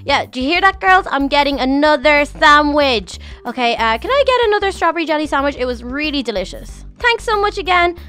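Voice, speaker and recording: A woman's voice: high voice, sing-song, quick pace, hardly any pauses, fairly bright tone, soft background music. A woman voicing an eager, nervous young schoolgirl, chatting to herself through a game roleplay with gushing exclamations. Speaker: channel host.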